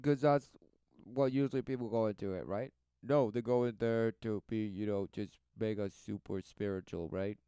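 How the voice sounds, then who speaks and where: Smooth-voiced man preaching over a clip. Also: fairly low pitch, steady tone, moderate pace, dark tone, no room sound. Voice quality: exhorting, emphatic preaching manner. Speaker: commentator reacting to a video. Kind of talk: preachy religious commentary.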